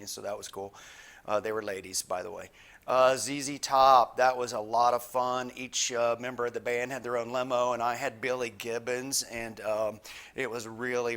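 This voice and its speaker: A middle-aged man hosting his own channel, telling relaxed stories with lots of "uh" fillers. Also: mid-range voice. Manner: chatty, many "uh" fillers, easygoing. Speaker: YouTube guitar channel host. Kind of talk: casual vlog storytelling.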